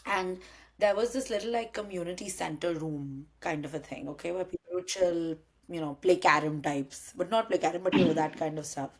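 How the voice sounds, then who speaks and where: A young woman chatting casually, telling a long story with lively energy and acting out what her friends said. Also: fairly low pitch, fairly quick. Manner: animated storytelling, acts out quoted friends. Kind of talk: casual chat.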